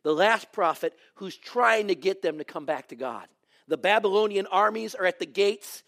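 A man with a notably high voice delivers a sermon from the pulpit. He tells his stories with drama, rising to bursts of emphasis and then dropping to hushed, almost whispered lines. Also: animated, normal speed. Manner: dramatic storytelling, swinging from raised exclamations to hushed near-whispers. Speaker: preacher.

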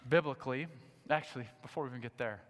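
A man preaching a sermon to a church congregation, animated, swinging between loud emphatic points and low, quiet asides. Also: quick pace, big-room sound. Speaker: pastor. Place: church sanctuary.

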